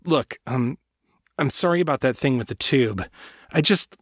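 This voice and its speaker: A man voices a fumbling, apologetic young man dropped into a magical world with powers he barely understands. He stammers and restarts, sounding earnest and unsure of himself. The voice sits at a middle pitch, unhurried, and recorded dry with no room sound. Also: animated, fairly bright tone, husky, no room sound, heavily acted. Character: awkward young man with sudden godlike powers.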